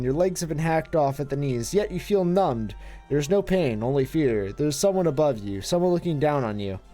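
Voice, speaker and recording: A streamer reading game text aloud on a live stream, in a low dramatic narrating voice with musing asides. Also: mellow.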